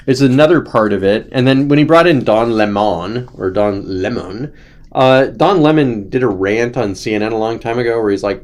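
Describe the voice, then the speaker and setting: A man's voice: mid-range voice, darkish tone. A young man hosting a casual livestream, rambling through commentary with sarcasm and mocking put-on voices. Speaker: host.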